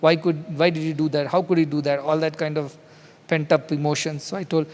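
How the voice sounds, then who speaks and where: A man's voice: a little high, little pitch movement, a little fast, a little mellow, in a large hall. A man with an Indian English accent giving a spiritual discourse, talking conversationally and acting out quoted dialogue in his stories. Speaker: spiritual teacher. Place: large hall.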